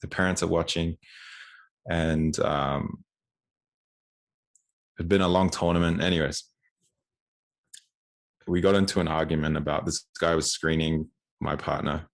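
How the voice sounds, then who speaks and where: A man's voice: very deep voice, steady tone, a little slow, vocal fry, long pauses. A man in his twenties, a podcast guest, telling a story casually with frequent restarts and acted-out quotes. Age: 20s.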